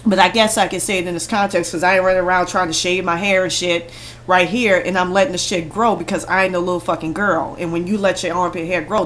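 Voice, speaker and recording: A woman's voice: on the low side, a bit bright, slight background noise. A woman vlogger delivering an angry, heavily profane rant straight to camera, blunt and confrontational. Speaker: vlogger responding to critics.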